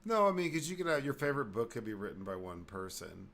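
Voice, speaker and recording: A man's voice: medium pitch, sing-song, quick pace, vocal fry, fairly bright tone. A man hosting a podcast in casual chat, laid-back and swearing freely, often trailing off mid-sentence. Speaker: podcast host.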